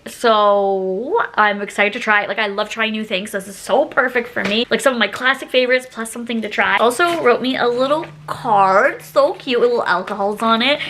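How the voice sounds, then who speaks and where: A woman's voice: a little high, bright, forceful tone, a little hiss or hum. A woman in her thirties chatting in a casual haul vlog, bubbly and gushing. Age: 30s. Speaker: vlogger.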